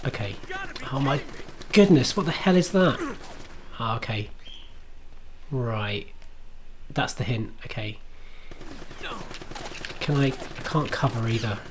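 A man's voice: mid-range voice, takes it slowly, long pauses, background noise. Chatty man streaming a game. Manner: self-mocking, chatty, swears and laughs at his own play. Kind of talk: live gameplay commentary.

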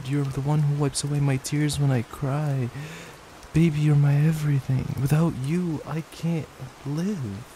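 A young man in a whispered role-play as a boyfriend, gentle, affectionate and reassuring, speaking into a desk microphone at home. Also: fairly high pitch, steady tone, unhurried, slight background noise, poor audio. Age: young adult. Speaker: ASMR creator. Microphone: desk microphone at a gaming setup.

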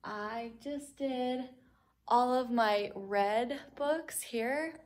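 A woman's voice: fairly high pitch, drawn-out words. A young woman chatting casually in a home vlog, giggly and full of fillers. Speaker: book vlogger. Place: home library room.

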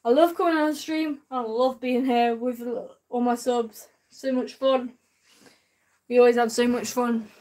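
A woman live-streaming a game, chatting warmly and excitably with her viewers and drawling a repeated sing-song catchphrase. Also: fairly high pitch, a little slow. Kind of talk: live gameplay commentary.

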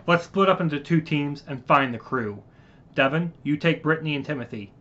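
A man voicing a commanding young male starship leader, giving brisk orders in a story he reads aloud. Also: a little high, pushed and bright. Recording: muffled lo-fi recording.

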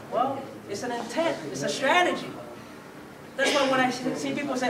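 A woman's voice: high-pitched, moderate pace. A woman teaching martial arts in a live demonstration, talking animatedly and punctuating her points with sound effects. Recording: echoey room, far from mic, loud background noise. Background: loud ambient noise.

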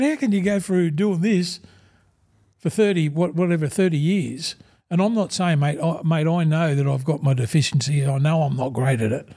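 This guest, an Australian ex-rugby league player and broadcaster in his sixties, tells animated stories in a casual interview at a normal speed. His pitch is fairly high; he acts out the conversations he quotes and uses "mate" constantly.

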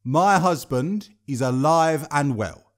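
A man reading an audiobook, voicing a sharp-tongued, bitter old woman in a shrill, indignant manner. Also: expressive, slow pace. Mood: indignant, angry.

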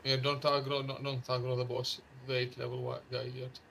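A man chatting casually while playing a co-op game, excitable and often repeating words. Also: mid-range voice, fairly quick, gravelly, slight background noise. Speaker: gamer playing co-op.

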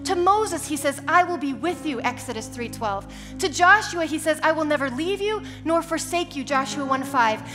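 A woman's voice: high voice, animated, moderate pace, few pauses, music in the background. A woman preaching a sermon, telling Bible stories in a conversational way and building to passionate, repeated declarations. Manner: storytelling, conversational asides.

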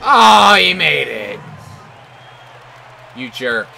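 A young man giving live gameplay commentary, joking and trash-talking, with loud outbursts at plays. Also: medium pitch, lively intonation, slow pace, soft background music, some chatter behind. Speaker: gaming commentator.

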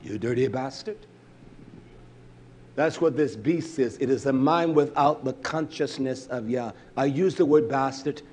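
A man preaching a sermon with blunt, salty language, swinging from loud shouts to low mutters. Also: moderate pace, few pauses, a little hiss or hum.

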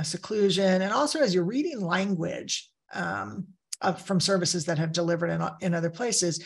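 Gravelly-voiced woman giving a training talk. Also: fairly low pitch. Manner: conversational, storytelling with personal anecdotes. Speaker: crisis care trainer. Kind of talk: training presentation.

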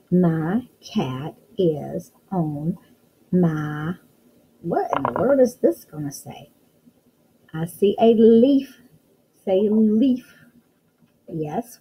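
A woman teaching a phonics lesson to young children, talking in a slow, sing-song, encouraging way and praising often. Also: fairly low pitch, muffled recording, slight background noise. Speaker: kindergarten teacher.

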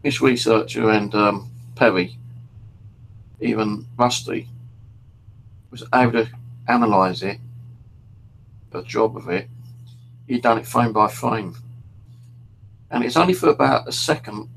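A man's voice: lowish voice, a little slow, creaky, pauses often, a bit bright, a little hiss or hum, rough recording. A middle-aged man hosting a paranormal stream from home, telling rambling stories casually and swearing freely. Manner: swears freely, storytelling with restarts. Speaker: paranormal livestream host.

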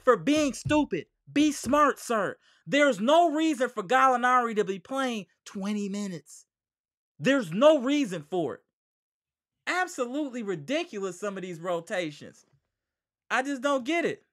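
Guy hosting a live hoops fan stream, bright voice, ranting and slangy, swings loud and low. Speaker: sports podcast host.

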